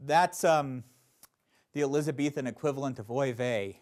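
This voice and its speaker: A man teaching a Shakespeare acting class, explaining verse in an animated way with playful asides. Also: mid-range voice, moderate pace. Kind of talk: classroom instruction.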